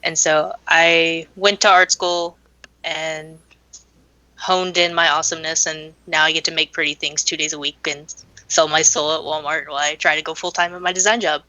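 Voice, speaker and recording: A woman guest answers casual podcast questions in a matter-of-fact, self-deprecating way. Her voice is fairly low but bright, and the sound is dry and close. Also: little pitch movement, normal speed, no echo, rough recording. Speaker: podcast guest, graphic designer.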